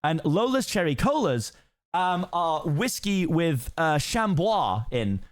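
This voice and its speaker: A man's voice: fairly high pitch, sing-song, takes it slowly. Tipsy British man rambling on stream. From Britain. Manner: rambling, giggly. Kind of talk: casual chat on a live stream.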